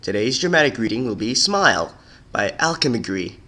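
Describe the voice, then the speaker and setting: A man reading a storybook aloud as a hobby narrator, expressive and slowing down low for the eerie passages. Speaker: hobby dramatic reader.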